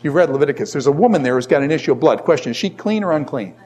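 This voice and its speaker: A man's voice: a little high, racing. A middle-aged man teaching a Bible class in a classroom. He asks the class questions and answers them himself, and tells stories with jokes and asides. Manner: animated storytelling with jokes and asides. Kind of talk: lively classroom lecture.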